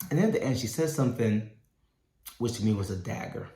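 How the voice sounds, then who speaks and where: A man's voice: lowish voice, expressive, a little fast, dark tone. A man in his thirties giving a keynote speech as a doctor, telling a personal story and acting out the dialogue. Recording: echoey hall.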